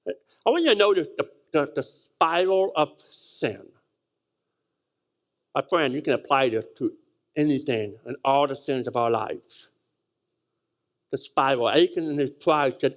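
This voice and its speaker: A man's voice: mid-range voice, lively intonation, a little slow, long pauses. A man preaching a sermon, reading scripture aloud and stressing points with repeated words and sudden rises and drops. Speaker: pastor.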